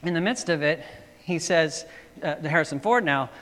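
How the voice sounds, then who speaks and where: A man's voice: a little high, normal speed, fairly bright tone, big-room sound. A man preaching a sermon as pastor, telling stories in a casual way with many fillers and restarts.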